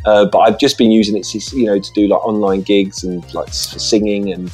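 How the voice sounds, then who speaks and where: A man's voice: on the low side, steady tone, a little fast, a little mellow, soft background music. A man telling casual stories as a podcast guest, rambling through many false starts, recorded on a phone.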